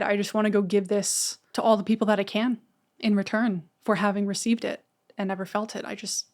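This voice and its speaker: Candid woman sharing openly on a podcast. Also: medium pitch. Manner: candid, emotional, swears casually. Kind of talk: casual conversation.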